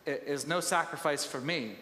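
A man gives a sermon in a loose, conversational storytelling way, often restarting his sentences. His slightly high voice carries a long, roomy reverb from a large church hall. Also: moderate pace, bright, forceful tone, a little hiss or hum. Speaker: pastor.

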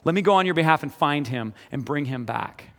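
A man's voice: a little high, lively intonation, fairly quick, a bit bright. A man preaching, voicing an earnest young older brother who pleads with his father to let him go after his runaway brother. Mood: earnest, pleading. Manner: pleading, resolute. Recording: echoey hall with long reverb.

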